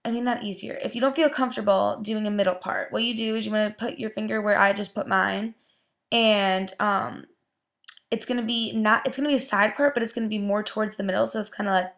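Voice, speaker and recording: Chatty young woman with vocal fry. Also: medium pitch, fairly even intonation, moderate pace. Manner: chatty, lots of "like" and "um". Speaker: beauty vlogger. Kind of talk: casual hair tutorial.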